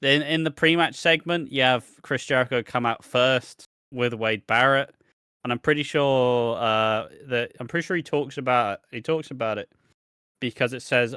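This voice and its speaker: A man's voice: mid-range voice, moderate pace, bright, forceful tone, clear, resonant tone, no echo, studio quality. A man co-hosting a podcast, reviewing wrestling in casual, sweary chat that rambles and breaks into laughs. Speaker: podcast co-host.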